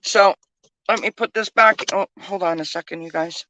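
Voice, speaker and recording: A woman's voice: fairly low pitch, moderate pace, bright, forceful tone, no room sound, highs cut off. A woman chatting casually from the passenger seat of a moving car, keeping up a running commentary full of fillers. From Canada. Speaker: vlogger, tarot reader. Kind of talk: casual chat while riding in a car.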